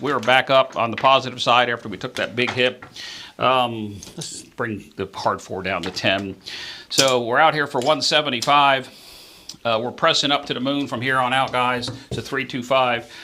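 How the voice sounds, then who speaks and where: A man hosts a live craps stream, offering chatty play-by-play of the dice, addressing his viewers directly, and jumping up excitedly when the dice land. His voice is mid-range, with slight background noise.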